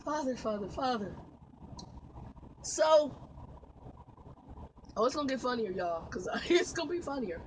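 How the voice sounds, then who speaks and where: A woman's voice: sits high, very animated, moderate pace, long pauses, slight background noise, rough recording. A woman truck driver, telling a long story vlog-style, exasperated, swearing and laughing as she vents. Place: inside a truck.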